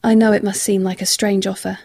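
A smooth, insistent suitor who speaks in calm, coaxing tones, as a woman reads him aloud. The voice is husky with a gravelly edge and a dark, mellow colour, in a storybook reading. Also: mid-range voice, fairly quick. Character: smooth possessive rich man, unsettling suitor.

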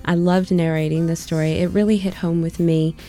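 Woman storyteller with a warm, fairly low voice; reads expressively. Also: flat delivery, soft background music. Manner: reflective, measured storytelling. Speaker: audiobook narrator.

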